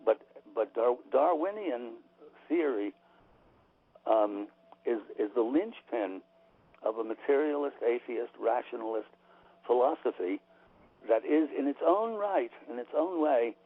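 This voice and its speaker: Gravelly man on a phone line. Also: mid-range voice, expressive, measured pace. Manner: emphatic, opinionated, with frequent restarts. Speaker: author and guest. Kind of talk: radio interview. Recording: tinny phone-line audio.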